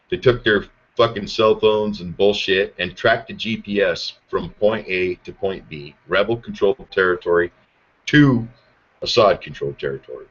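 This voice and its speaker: A man's voice: low voice, a bit bright. A man hosting a show, ranting angrily and sarcastically with constant swearing. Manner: angry, heavy swearing, sarcastic. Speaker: podcast host. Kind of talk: profane political rant. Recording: muffled lo-fi audio.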